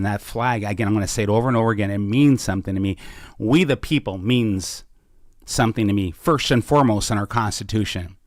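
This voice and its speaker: A man hosting a podcast, talking about politics in a fervent way and building up to slow, emphatic declarations from a small studio. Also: on the low side, dry recording. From Washington State. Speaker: podcast host. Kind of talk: impassioned political talk.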